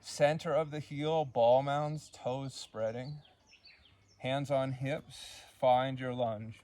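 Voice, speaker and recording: A man leading a yoga class, cueing poses and breaths in a calm, unhurried way and counting the holds. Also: mid-range voice. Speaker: yoga instructor. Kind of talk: guided yoga class instruction.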